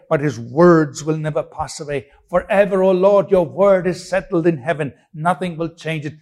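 A man preaching a sermon with a somewhat high voice. He talks emphatically, repeats phrases for effect and fires off rhetorical questions, sometimes restarting mid-sentence. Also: darkish tone.

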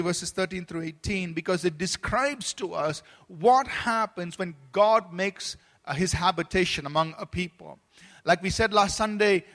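A man's voice: high voice, fairly bright tone. A man preaching a sermon as pastor at a church service, earnest, with restarts and repeated words. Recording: long hall reverb.

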